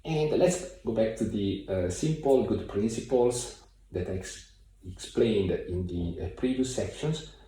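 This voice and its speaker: A man's voice: on the low side, measured pace, mellow. Man teaching piano in an echoey room. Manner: thoughtful, hesitant, many fillers. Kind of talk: piano tutorial. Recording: very echoey room, mic far off. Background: piano playing.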